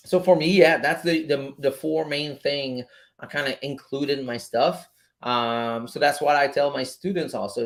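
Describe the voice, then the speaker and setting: A man hosting a casual live stream on trading, laid-back and slangy, swearing often and filling pauses with "um". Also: on the high side. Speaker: forex trading streamer host.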